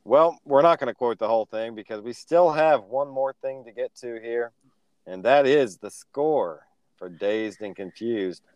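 A man co-hosting a casual movie review podcast, leading the segment in a relaxed, dry way. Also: mid-range voice, unhurried, clean tone, no echo. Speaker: podcast co-host.

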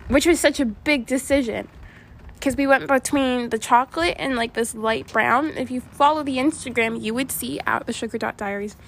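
A young woman vlogger with a fairly high-pitched voice speaks at a normal speed, with slight background noise. She's telling her viewers a rambling storytime in casual chat, full of asides and restarts.

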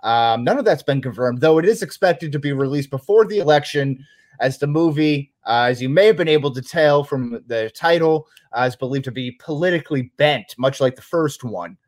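Casting male podcast co-host, mid-pitched, playful punning banter, relaxed rambling chat. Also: a little fast. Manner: jokey, punning, loose and rambling. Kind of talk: casual chat.

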